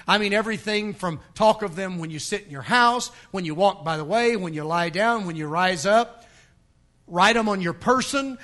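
A male pastor preaching a sermon to a congregation, driving points home with emphatic repetition and forceful rising peaks. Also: high-pitched. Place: church sanctuary.

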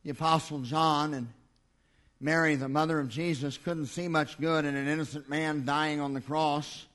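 A man preaching a sermon, his voice sitting high for a man. He builds each line in a repeating cadence and swings from loud declarations to quiet, hushed passages. He speaks in a church. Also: fairly even intonation, normal speed.

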